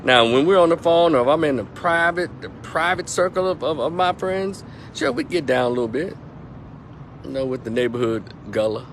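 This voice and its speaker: Indignant man ranting, slightly high voice. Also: animated, moderate pace, fairly bright tone, slight background noise. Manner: indignant, preachy, repeats words and restarts. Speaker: opinion commentator. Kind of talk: heated opinion rant to camera.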